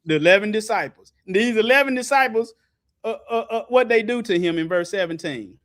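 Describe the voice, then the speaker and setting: A man preaches in a high voice that swings all over. He is loud and colloquial, laughing and breaking into shouts. His pitch leaps from line to line. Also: animated, fairly quick. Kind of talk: animated sermon with scripture call-and-response.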